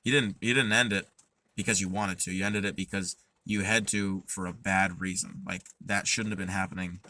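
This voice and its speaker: A man's voice: deep voice, steady tone, normal speed, bright, forceful tone. A young man talking in a casual, earnest way, rambling with lots of fillers and restarts as he gives advice. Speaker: podcast host.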